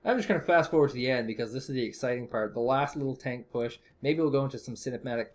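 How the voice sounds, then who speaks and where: A man calls a strategy game match in loose, casual commentary. He rambles and jokes as he thinks aloud, in a voice of ordinary, middling pitch. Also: fast. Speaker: esports caster.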